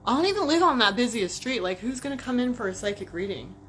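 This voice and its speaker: A woman ranting casually to camera about work, profane, animated and self-mocking. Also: on the high side, quick pace, a little hiss or hum. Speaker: vlogger.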